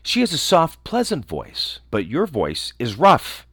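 A man voicing a group of defiant little goat kids in a storybook reading, loud and insistent. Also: on the high side, wildly swooping pitch, unhurried, breathy edge, dry recording, heavily acted.

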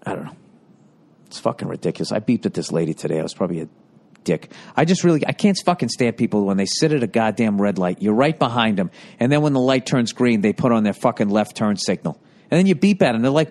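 A man's voice: lowish voice, big pitch swings, fast talker, a little mellow. Middle-aged man, podcast host, casual monologue, swearing a lot, ranting and self-mocking. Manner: profane, ranting, self-deprecating.

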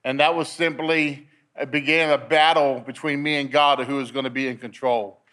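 A man's voice: medium pitch, flat delivery, normal speed, bright, forceful tone. A man giving a personal testimony at a men's meeting, telling his story in a storytelling way and repeating words as he gets caught up in it.

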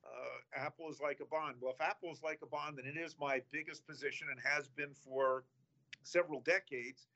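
A man who manages investments, giving halting, measured explanations in a casual finance chat. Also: on the high side, steady tone, sharp tone, muffled recording.

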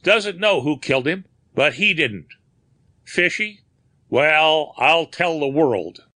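A man's voice: fairly high pitch, animated, measured pace, bright, forceful tone, dry recording, pitched above the performer's own voice. Man playing a cocky young patrolman. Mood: brash. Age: young adult. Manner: brash, sneering slang.

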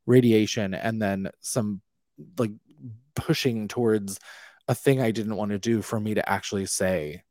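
A young man, a podcast guest, telling his story in a casual, animated way and acting out the voices he quotes. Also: lowish voice, unhurried, no echo, studio quality. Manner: animated, acts out quoted voices, laughs often.

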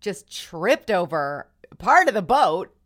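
A woman's voice: on the low side, sing-song, slow pace, fairly bright tone. A woman hosting a podcast, retelling reality TV scenes in casual chat and acting out the quoted lines. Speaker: podcast host.

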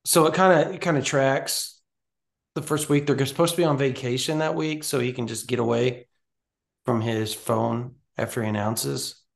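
A man with a gravelly, mid-pitched voice talks recruiting on a casual sports podcast. He rambles animatedly, trips over restarts and circles back to his points. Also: steady tone, moderate pace.

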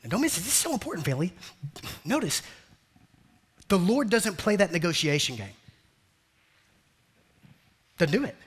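In a high, sing-song voice that's a bit rough, this pastor preaches at normal speed with frequent pauses. He keeps repeating phrases, addresses listeners as family and beloved, and performs playful quotes.

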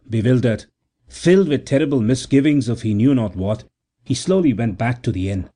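A man narrating a classic story for an audiobook. His reading is measured and steady. The voice is mellow and warm at a middle pitch.

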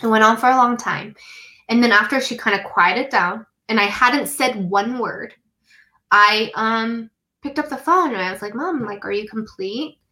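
Bright, earnest woman telling a story. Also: a little high, moderate pace, poor audio. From United States. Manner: earnest, heartfelt, with frequent "um" and "like". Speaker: guest. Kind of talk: personal storytelling in conversation.

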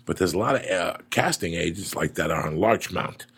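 A middle-aged man hosting a casual chat, a profane and animated storyteller with a gravelly, husky voice. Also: deep voice, fairly quick.

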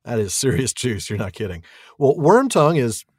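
A man's voice: medium pitch, very animated, normal speed, darkish tone, slightly rough, no room sound, studio quality. A man co-hosting a casual podcast, chatty and laughing, retelling events with wry jokes. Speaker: podcast co-host. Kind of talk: casual chat.

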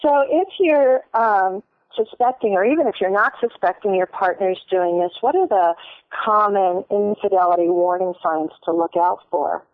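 A woman hosting an interview, asking questions in an animated, casual way with frequent restarts. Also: medium pitch, moderate pace, no echo. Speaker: host. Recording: tinny phone-like line.

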